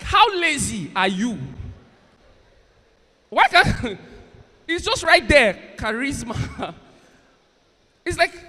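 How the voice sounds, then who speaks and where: A man's voice: extremely high pitch, bright, forceful tone. A man working as a comedian and event MC, teasing the audience and hyping up the crowd on stage. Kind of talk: stand-up banter and stage hosting. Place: large university event hall on stage. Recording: long hall reverb over a PA.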